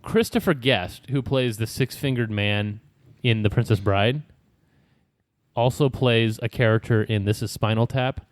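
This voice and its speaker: A man co-hosting a casual pub quiz podcast, laughing often and breaking into falsetto. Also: unhurried, no room sound, studio quality. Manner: animated, laughs often, jumps into high falsetto. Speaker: podcast co-host.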